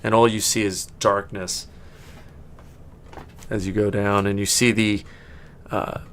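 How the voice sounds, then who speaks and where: A man's voice: fairly low pitch, little pitch movement, takes it slowly, fairly bright tone, slight background noise. A man running a tabletop game as game master, narrating in a rambling way with many restarts and frequent laughs. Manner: rambling, full of fillers and restarts, laughing often.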